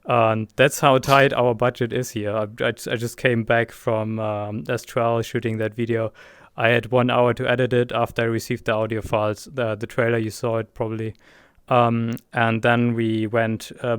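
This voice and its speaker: A man speaks in a clear, resonant voice, close and dry with no room around it. He talks casually and excitedly, stumbling over fillers as he explains things to his audience. He sounds like the person running a live online event. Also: mid-range voice, dry recording. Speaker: event producer. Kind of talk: casual live-stream talk. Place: virtual reality event, voice chat.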